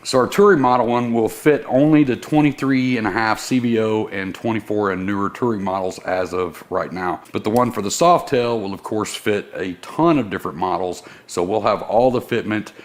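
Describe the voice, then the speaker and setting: A man's voice: on the low side, expressive, normal speed, hardly any pauses. A man, a service technician, casually walking through a motorcycle part install step by step in a workshop. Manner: casual, step-by-step instructional, friendly shop talk. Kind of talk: how-to install demonstration.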